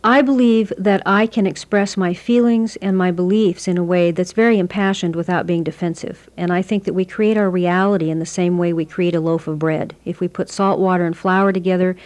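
A woman who teaches communication workshops, answering interview questions in a measured way and explaining her ideas through everyday examples. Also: fairly low pitch, steady tone, darkish tone.

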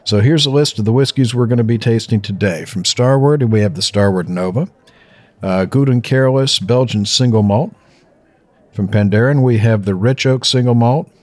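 A man's voice: fairly low pitch, darkish tone, dry recording. A man hosting a tasting show, joking and rambling in casual banter. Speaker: host.

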